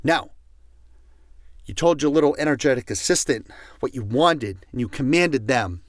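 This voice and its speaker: A man's voice: mid-range voice, expressive, moderate pace, dry recording. A man teaching a motivational audio course, passionate and emphatic, repeating key words for force. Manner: passionate, emphatic repetition, gets loud. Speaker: self-help speaker.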